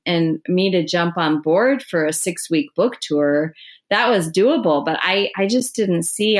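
A middle-aged woman, an author, telling her story in an interview with frequent restarts and soft laughs. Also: medium pitch. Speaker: author guest.

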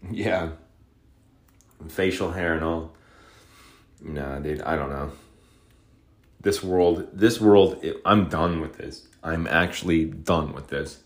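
A man's voice: deep voice, takes it slowly, long pauses. A man from Utah ranting alone on a podcast, frustrated and profane, rambling and repeating himself. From Utah, USA. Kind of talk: solo rant.

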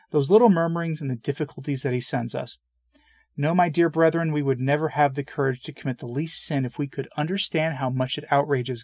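A man's voice: medium pitch, no room sound. A man reads an old sermon aloud with earnest devotion. He leans hard into the key phrases. His mid-range voice sounds dry and close, with no room around it. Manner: fervent, rising emphasis on key phrases. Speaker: reader of spiritual texts.

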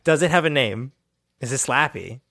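Lively, foul-mouthed man at the game table. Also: mid-range voice, normal speed, creaky. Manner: animated, profane, laughs often. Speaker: player. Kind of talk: casual tabletop game chat.

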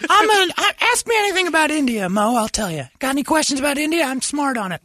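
A smug know-it-all guru, as a woman puts him on, makes lofty pronouncements in a high, bright voice. The sound is dry and close. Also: very animated, quick pace, dry recording. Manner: mock lofty pronouncements, self-amused.

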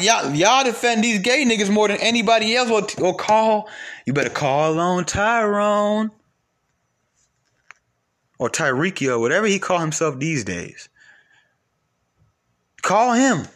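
A man's voice: sits high, animated, measured pace, long pauses, a bit bright. A man delivering an angry, profane rant to camera, firing off repeated rhetorical questions.

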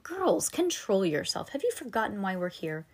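A woman's voice: mid-range voice, sing-song, normal speed, darkish tone. A woman doing an icy glamorous grande dame. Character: glamorous cold woman, commanding.

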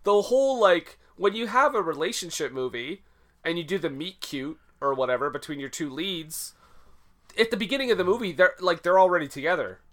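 Male podcast co-host, lively pitch swings, sarcastic casual movie chat. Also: a little fast. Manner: animated, laughs often, sarcastic.

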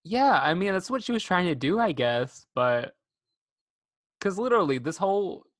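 Host for casual movie chat, enthusiastic and giggly, middle pitch, dry close sound. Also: very animated, moderate pace, dry recording. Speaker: podcast host.

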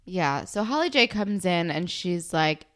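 A woman's voice: lowish voice, expressive, unhurried, a bit bright. A young woman co-hosting a casual chat, giving blunt, opinionated takes on a TV episode. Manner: opinionated, swears casually, laughs. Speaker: podcast co-host.

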